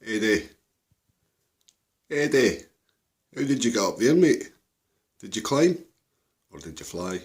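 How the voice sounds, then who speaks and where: A man's voice: lowish voice, sing-song, slow, long pauses. A man casually talking to a rescued seagull in a home video, affectionately calling it mate and buddy. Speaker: vlogger caring for a rescued seagull.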